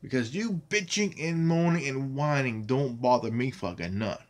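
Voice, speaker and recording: A man's voice: mid-range voice, normal speed. A man ranting angrily and defiantly at his critics in a vlog monologue, swearing constantly and hammering the same phrases over and over. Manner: profane, defiant, emphatic and repetitive. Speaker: YouTube channel host.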